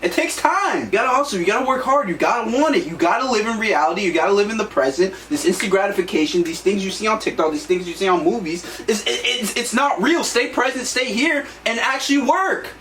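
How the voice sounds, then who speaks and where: A man's voice: sits high, animated, fast talker, few pauses, a bit bright. Blunt, profane young man in an echoey room. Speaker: podcast co-host. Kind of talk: motivational talk. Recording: echoey room, distant mic, faint noise.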